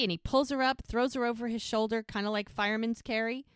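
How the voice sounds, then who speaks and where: Animated woman recapping a show. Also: fairly high pitch, fast talker, clean tone, dry recording, clean studio sound. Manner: animated retelling, acting out lines of the characters. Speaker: podcast co-host recapping a TV show. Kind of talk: casual recap storytelling.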